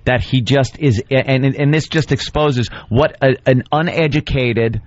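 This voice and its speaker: A man's voice: mid-range voice, steady tone, unhurried, lo-fi sound. A man co-hosting a radio show, reading a blog aloud in a sarcastic, mocking way. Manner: sarcastic, reads text aloud and mocks it. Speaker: radio co-host. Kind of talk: mocking read-aloud commentary.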